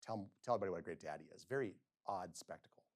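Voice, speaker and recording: A middle-aged male physician giving a lecture, telling stories and acting out quotes with sudden swings between loud and soft. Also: low-pitched, expressive, rapid-fire. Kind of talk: lecture with storytelling. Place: lecture hall.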